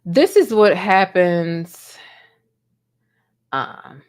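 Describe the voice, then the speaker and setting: A woman's voice: fairly low pitch, expressive, extremely slow, a little mellow, clear, resonant tone. A woman from Baltimore hosting a casual live-stream commentary, sassy and goofy, sleepy from being up before dawn.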